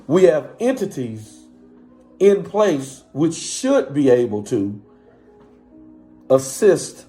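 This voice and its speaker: A man's voice: mid-range voice, darkish tone. A man, a pastor, talking passionately to his live-stream viewers, repeatedly calling out to his listeners.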